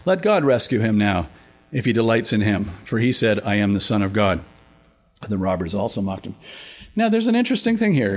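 Husky-voiced man teaching scripture. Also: medium pitch. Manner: conversational, with frequent fillers and restarts; reads scripture aloud with rising emphasis. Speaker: Bible teacher. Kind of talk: Bible study teaching.

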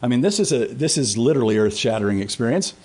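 A man's voice: mid-range voice, expressive, fast talker, a little mellow. A man teaching a Bible study, talking conversationally with fillers and restarts, and reading scripture aloud with rising emphasis.

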